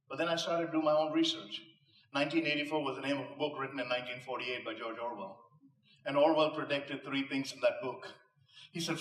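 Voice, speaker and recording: A man's voice: fairly high pitch, fairly bright tone. Man, inspirational speech, rhetorical, punchline humor, echoey room, distant mic. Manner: emphatic, rhetorical, with punchline jokes. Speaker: motivational speaker. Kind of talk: inspirational speech to a live audience. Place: live venue before an audience.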